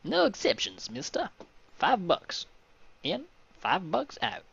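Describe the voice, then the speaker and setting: Bullying gangster, slow and drawn-out, as a man puts him on; dull lo-fi audio. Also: high voice, wildly swooping pitch, creaky, fairly bright tone, breathy edge, pitched above the performer's own voice, full character voice. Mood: menacing. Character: gruff male Chicago gangster, bullying.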